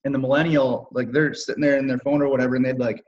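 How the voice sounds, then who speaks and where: A man's voice: medium pitch, flat delivery, fast talker, darkish tone. Rambling man on a video call. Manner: loose, rambling, full of "like" and "um". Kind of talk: casual chat. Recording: dull lo-fi video call audio.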